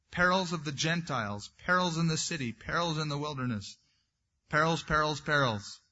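Husky, forceful male pastor preaching. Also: on the high side, muffled recording. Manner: reads scripture aloud, then breaks into conversational asides. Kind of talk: sermon with scripture reading.

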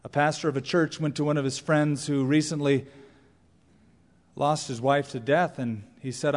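Animated pastor preaching in a reverberant hall. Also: male voice, on the high side, moderate pace. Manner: animated, playful asides and mock voices. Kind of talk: sermon. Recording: long church reverb.

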